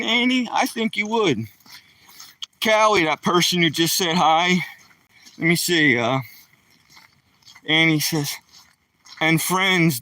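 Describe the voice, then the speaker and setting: A man's voice: high voice, sharp tone, no echo, recorded from a distance. An older retired man with a Philadelphia accent, chatting casually with viewers on a night-time live stream while walking his dog outdoors, greeting them with a playful "yo, yo, yo.".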